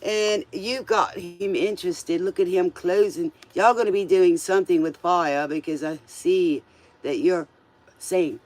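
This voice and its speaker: A man's voice: high-pitched, measured pace, a little mellow, soft background music. A man doing a casual tarot reading, chatty and playful, with joking asides. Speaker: tarot reader.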